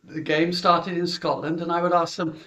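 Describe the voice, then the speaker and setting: A man's voice: on the high side, flat delivery, moderate pace, sharp tone. A middle-aged British man, a golf coach, chattily recounting how he runs his junior lessons, with chuckles and filler words. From Britain.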